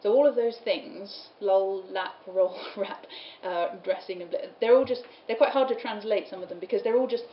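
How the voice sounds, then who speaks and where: A woman's voice: medium pitch, moderate pace, hardly any pauses. A woman giving a lecture at a study day, explaining medieval poems and reading lines aloud, with an easy laugh now and then. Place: lecture room. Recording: roomy, dull, with faint room noise.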